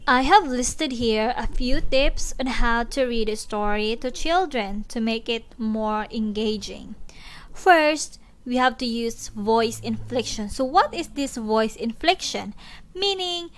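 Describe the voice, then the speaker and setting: A young woman with a Cebuano-speaking Filipino accent talks through a lesson in an unhurried, instructive way. Her voice sits a little high, and she speaks straight to her listeners as fellow teachers. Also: animated. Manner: instructive, addresses teachers directly, mixes in Cebuano phrases. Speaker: education student presenting a lesson. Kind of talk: recorded teaching presentation.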